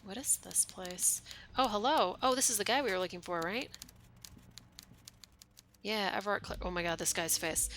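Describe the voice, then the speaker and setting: Bright-voiced woman streamer reading game text. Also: mid-range voice, normal speed, pauses often. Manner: reads narration aloud then reacts in casual asides. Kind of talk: reading game text aloud while playing. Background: game music.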